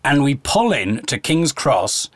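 A male podcast host with a medium-pitched, slightly rough voice tells a long story slowly in easygoing conversation, acting out the people in it with animated quoted voices. The recording is dry and of studio quality.

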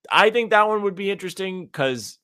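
A man's voice: high-pitched, animated, brisk, a bit bright, clean tone, no echo, studio quality. A man co-hosting a casual basketball podcast, talking in a loose, rambling, wry way. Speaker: sports writer and podcast co-host.

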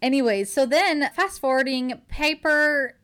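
A woman's voice: high-pitched, a little slow, a bit bright. Gushing woman retelling a romance novel. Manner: gushing, retells scenes with quoted dialogue. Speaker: book reviewer. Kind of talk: casual book recap chat.

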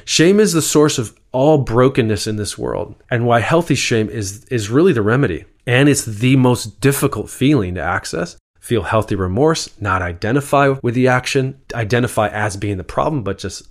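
A man's voice: medium pitch, lively intonation, moderate pace, hardly any pauses. A man speaking as a podcast guest about spiritual healing, earnest and reflective, who swears freely and acts out what people might say. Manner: earnest and openly swearing, acts out quoted voices. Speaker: guest, bodyworker and spiritual healer. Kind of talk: reflective conversational talk.

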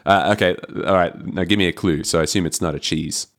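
A man with a very low voice co-hosts a podcast in casual chat. He teases his co-host playfully and laughs often as he talks. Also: fairly even intonation, fast.

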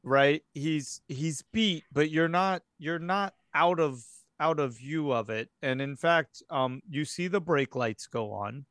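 A man with a slightly high, slow, somewhat bright and smooth voice runs a tabletop game as game master. He narrates scenes in a rambling way packed with fillers, on a dry, studio-quality recording.

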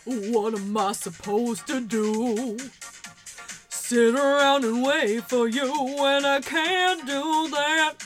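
A woman singing an impression of a famous female pop diva, drawn out and slow. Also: high-pitched, soft background music, pitched above the performer's own voice. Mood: crooning. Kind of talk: sung impression.

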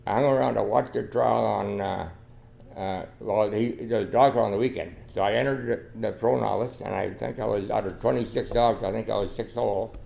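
A man's voice: fairly low pitch, steady tone, moderate pace, creaky, dark tone. An older man, a podcast guest, telling a long, rambling story in a folksy way. He restarts often and keeps saying "you know.". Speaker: podcast guest, dog trialer. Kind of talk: casual storytelling interview.

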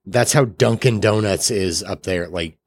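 A man's voice: on the low side, a little slow. A man co-hosting a podcast in casual chat, easygoing and wondering aloud. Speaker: podcast co-host.

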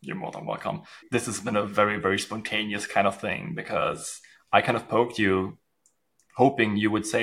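A man's voice: lowish voice, moderate pace, fairly bright tone. A man from Germany hosting a podcast, talking in a chatty, joking way with lots of fillers. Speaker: podcast host. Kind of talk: casual podcast interview.

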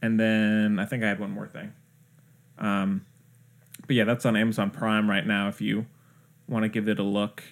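A man's voice: lowish voice, flat delivery, normal speed, long pauses. A man co-hosting a podcast, chatting casually about films in a rambling way with many restarts and fillers. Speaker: podcast co-host. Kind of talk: casual chat about movies.

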